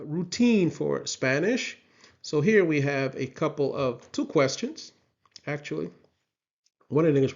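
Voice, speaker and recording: A man teaching a lesson, drilling words for the listener to repeat and checking in with "right?". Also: fairly high pitch. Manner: slow, patient drilling with frequent "right?" checks. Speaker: Spanish teacher. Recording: slightly dull lo-fi sound.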